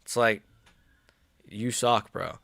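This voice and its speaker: A man's voice: on the low side, takes it slowly, gravelly, a bit bright, dry recording. A young man doing casual live commentary on a fight stream, with slangy, rambling speech and blunt, mocking opinions. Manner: slangy, rambling, frequent "bro" and "like".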